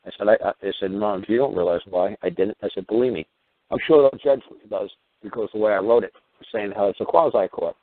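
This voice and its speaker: A man's voice: fairly low pitch, fairly quick, no room sound. A man rambling in a casual, profane way as he retells a family court story, often repeating himself. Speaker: caller recounting a family court case. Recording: dry tinny phone line.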